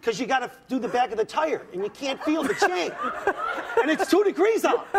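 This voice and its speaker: A middle-aged man, a comedian guest, telling an animated, exasperated story and acting out the scenes on a talk show. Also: very high-pitched, brisk. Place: TV studio with audience. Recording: studio audience and noise.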